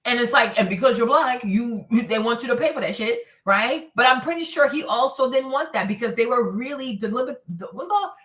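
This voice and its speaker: Woman host, heated streaming rant, high bright voice, lots of swearing and repetition. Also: expressive, fairly quick, few pauses. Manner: indignant, swears a lot, repeats phrases. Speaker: host of a streaming commentary show. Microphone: streaming setup mic.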